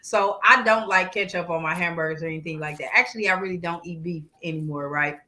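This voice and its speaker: A woman co-hosting a casual talk show, telling a story in an animated way, laughing often and swearing freely. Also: on the low side, quick pace. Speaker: co-host.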